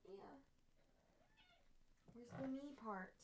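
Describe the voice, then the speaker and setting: A woman's voice: medium pitch, a little slow, long pauses, a little mellow. A young woman streamer chatting casually and cooing in baby talk at her cat.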